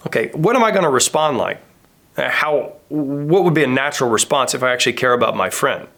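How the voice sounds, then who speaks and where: A male pastor in his thirties preaching in a loose, conversational way. He tells everyday stories and slips into quick impressions of the people in them. His voice sits in an ordinary middle pitch. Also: lively intonation, a bit bright. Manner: casual, storytelling, acts out quoted voices. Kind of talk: conversational sermon.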